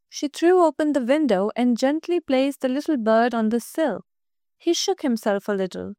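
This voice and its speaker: High-voiced woman reading a storybook. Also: animated, moderate pace, mellow, dry recording, studio quality.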